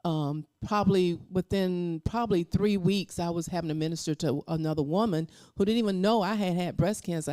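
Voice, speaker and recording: A woman guest and minister on a talk show, speaking slowly and reflectively about faith. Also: fairly low pitch, warm tone, no echo, studio quality. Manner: faith-filled, slow and reflective.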